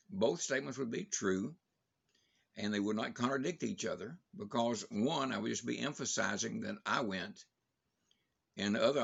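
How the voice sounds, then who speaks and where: An older man with a gravelly, somewhat husky voice gives a daily Bible devotion. He talks plainly and conversationally, stopping to restart phrases and add small fillers, in a mid-range pitch. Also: fairly bright tone, lo-fi sound. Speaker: preacher giving a daily devotion.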